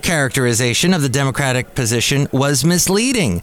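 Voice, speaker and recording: A man's voice: mid-range voice, normal speed, fairly bright tone, clear, resonant tone. Man rambling through a casual podcast. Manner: jokey, digressive, sarcastic asides. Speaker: podcast host. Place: at a cafe.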